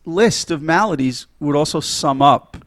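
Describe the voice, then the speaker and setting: A man's voice: fairly high pitch, lively intonation, no echo. A man co-hosting a podcast, chatting about a movie with frequent chuckles. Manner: chuckling, quick agreeing interjections. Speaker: podcast co-host. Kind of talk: casual movie chat.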